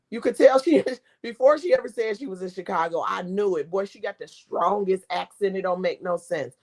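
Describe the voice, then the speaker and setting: A woman vlogger chatting casually, telling a story in an animated way, mimicking people and laughing often. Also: medium pitch. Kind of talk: casual chat.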